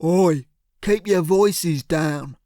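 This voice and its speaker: A man voicing a huge, blunt thug who barks his words slowly and heavily, in an audiobook. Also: fairly high pitch, fairly even intonation, a little mellow, no echo, studio quality. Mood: gruff. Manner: slow, heavy, barking delivery. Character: huge, slow-witted thug, gruff and blunt. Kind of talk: audiobook character voice.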